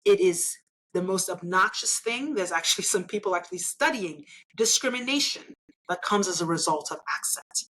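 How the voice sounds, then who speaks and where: This low-quality recording captures a Nigerian woman, an engineer and elected official, as an interview guest in a conversational exchange. Her fairly low voice is animated, a bit bright, and breathy-edged at a moderate pace, and she argues emphatically and persuasively, often adding "right?".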